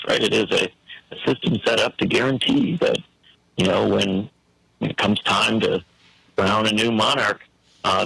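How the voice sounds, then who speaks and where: Gravelly man preaching political commentary. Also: on the low side, a bit bright, no room sound, low-quality recording. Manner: preacherly, emphatic, rhetorical questions.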